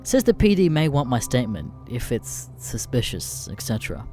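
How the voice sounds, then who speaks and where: Lively, profane male storyteller. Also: mid-range voice, moderate pace, faint music behind. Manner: deadpan, profane. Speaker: narrator. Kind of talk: scripted narration of internet stories.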